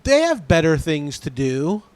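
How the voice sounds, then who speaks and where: A comedian guest on a podcast, talking casually and halting often, repeating words as he searches for them. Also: on the high side, very animated, a little mellow, no echo. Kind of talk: casual conversation.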